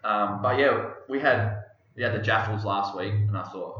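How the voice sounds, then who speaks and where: A man's voice: on the low side, moderate pace. A young Australian man hosting a fitness podcast in a loose, joking, rambling way. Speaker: podcast host and fitness coach. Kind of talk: casual podcast chat. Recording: echoey room, dull lo-fi sound.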